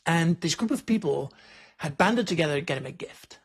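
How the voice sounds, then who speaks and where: A man's voice: on the high side, lively intonation, fairly quick, breathy edge. A man hosting a podcast interview, telling stories in a reflective, conversational way. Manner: reflective, storytelling, frequent "like" and "right?". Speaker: podcast host.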